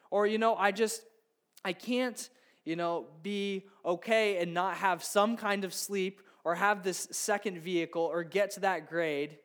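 A man's voice: high-pitched, fairly even intonation, measured pace, fairly bright tone, smooth. A man in his thirties preaching a conversational sermon, acting out imagined inner thoughts. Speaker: pastor.

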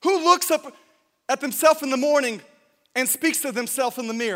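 Speaking at normal speed in a very high voice, a male pastor delivers a sermon built around a humorous story, breaking in on himself often before urging his listeners on. The recording carries long hall reverb, and his style is lively and jokey.

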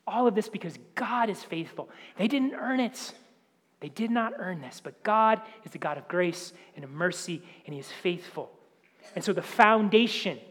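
A male pastor preaching with a high voice. He is emphatic and often sinks to a hushed near-whisper to press a point. His words ring with the long reverb of a large hall. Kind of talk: sermon.

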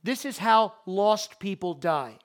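Taking it slowly, an animated, high-voiced preacher works through scripture verse by verse in his sermon. He explains every passage with emphasis, often repeating short phrases to press a point.

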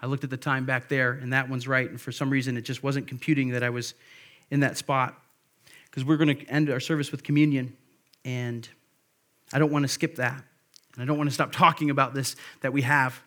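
A man's voice: mid-range voice, level tone, brisk, sharp tone. A man preaching a sermon as pastor, earnest and exhorting, rising in force for emphasis.

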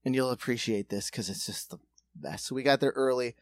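A man in casual podcast chat, telling a profane, animated story and slipping into quick character voices. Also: medium pitch.

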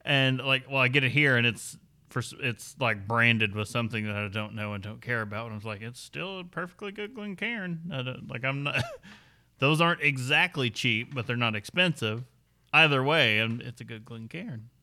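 Male co-host, loose rambling banter, bright voice. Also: medium pitch, normal speed. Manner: rambling, joking, lots of fillers. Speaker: podcast co-host. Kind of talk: casual chat.

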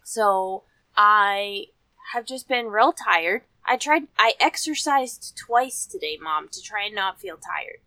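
A woman's voice: medium pitch, expressive, slow, bright, forceful tone, dry recording. A young woman in her twenties co-hosting a casual podcast from inside a van, rambling and self-deprecating. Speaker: podcast co-host. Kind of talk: casual chat. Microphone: podcast microphone.

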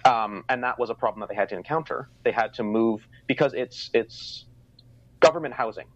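A man's voice: mid-range voice, a little fast. A young man from Canada telling a personal story in a casual conversation, reflective, with many ums. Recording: dry, slightly dull sound.

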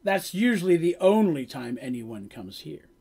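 A man voicing a large female sphinx who speaks politely and formally, measured and knowing. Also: on the high side, very animated, creaky, darkish tone, breathy edge, heavily acted. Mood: calm.

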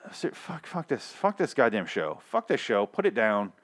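A man's voice: medium pitch, moderate pace. Profane, sarcastic ranting man. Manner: profane, sarcastic, animated rant. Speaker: podcast host. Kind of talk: ranting solo show review.

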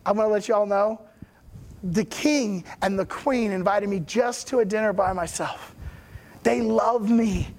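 A man's voice: high-pitched, a little slow, gravelly, darkish tone, voice pushed down. A man voicing a boastful male royal official who is showing off his wealth and favor, in a sermon retelling. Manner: bragging, self-satisfied.

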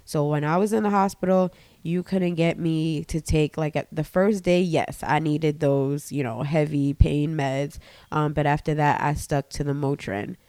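Congested woman with a smooth, clear voice. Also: low-pitched, moderate pace, no room sound. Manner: candid, animated storytelling with many fillers. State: congested, slightly raspy from a cold. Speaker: podcast co-host. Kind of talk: casual chat. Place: living room couch in a home.

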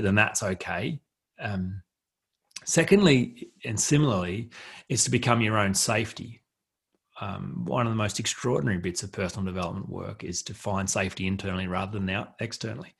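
A man's voice: fairly low pitch, gravelly, husky. A man hosting a solo self-help podcast, talking earnestly and reflectively, repeating key phrases for emphasis. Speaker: podcast host.

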